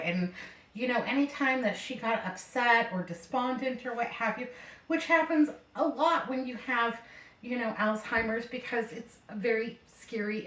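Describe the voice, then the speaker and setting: A woman's voice: medium pitch, a bit bright, a little hiss or hum. A middle-aged woman chatting and telling a long, meandering story while she cooks at home, often circling back with "anyhow.". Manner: rambling, meandering, keeps saying anyhow. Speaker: home cooking vlogger. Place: home kitchen. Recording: echoey room, mic set far off.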